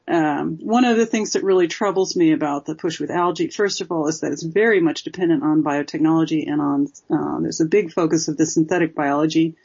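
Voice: mid-range voice, darkish tone, husky. An interview guest, a former zoologist, explaining at length with many fillers. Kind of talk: interview conversation. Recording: dull lo-fi recording.

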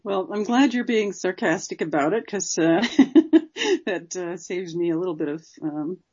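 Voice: mid-range voice, lively intonation, a little slow, darkish tone, husky. An interview guest, a former zoologist, explaining at length with many fillers. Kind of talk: interview conversation. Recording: dull lo-fi recording.

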